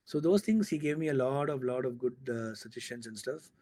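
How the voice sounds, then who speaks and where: Man in his thirties, guest storyteller, mid-pitched, acts out quotes with gusto. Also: expressive, brisk, darkish tone. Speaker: filmmaker guest. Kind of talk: casual storytelling interview.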